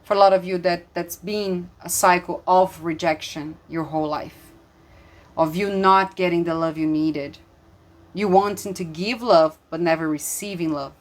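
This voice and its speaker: At normal speed, a tarot reader with a lowish voice and fairly even intonation gives an intuitive reading. The woman is emphatic and earnest, often filling pauses and restarting, and is emotional and moved.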